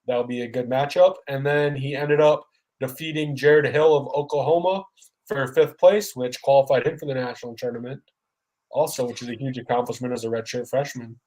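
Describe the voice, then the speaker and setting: A man co-hosting a casual sports podcast, going over results in a halting way with many ums. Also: mid-range voice, fairly even intonation, a little mellow, rough recording. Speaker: podcast co-host.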